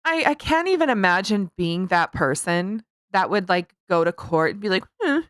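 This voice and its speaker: A woman's voice: mid-range voice, lively intonation, normal speed, a bit bright, smooth, no room sound, clean studio sound. A middle-aged woman, co-hosting a podcast in casual, blunt, profane chat, laughing often. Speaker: podcast co-host.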